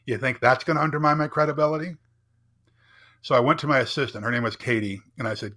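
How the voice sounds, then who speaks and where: A man's voice: mid-range voice, steady tone, fast, pushed and bright. A middle-aged man, a podcast guest, telling a personal story in an earnest, emphatic way and often checking in with "right?". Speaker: podcast guest, entrepreneur and speaker.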